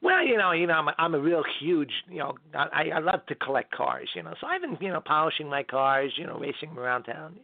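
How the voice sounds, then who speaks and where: A man's voice: a little high, very animated, fast, gravelly, few pauses, heavily acted. A man doing an impression of a famous talk-show comedian, rambling and teasing, heard over a phone line. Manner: rambling, full of "you know". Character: impression of a famous late-night comedian host, chatty, joking.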